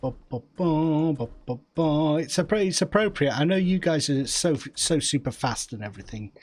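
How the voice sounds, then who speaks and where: A man's voice: fairly high pitch, lively intonation, moderate pace, darkish tone. A man streaming a game, chatting casually with friends and laughing easily. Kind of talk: casual gameplay chat.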